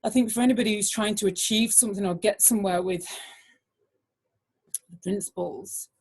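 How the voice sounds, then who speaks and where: A middle-aged woman tells a personal story as a guest speaker, with a husky, breathy edge to her mid-pitched voice. She talks animatedly and keeps dropping in "like" as she goes. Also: moderate pace. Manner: animated, full of "like" fillers, acts out voices.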